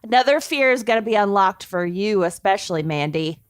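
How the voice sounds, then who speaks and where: A woman co-hosting a casual podcast from home, animated and a little anxious, laughing between lines. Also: medium pitch, brisk, clean tone, no room sound, clean studio sound. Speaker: podcast co-host. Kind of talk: casual chat.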